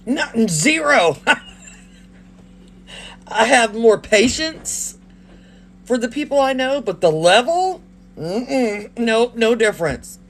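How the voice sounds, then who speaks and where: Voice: mid-range voice, slow, long pauses. An adult livestreamer and parent telling a story casually to a live audience. They laugh often and act out the lines of others. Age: adult, parent of a child. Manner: animated, laughs often, acts out quoted lines.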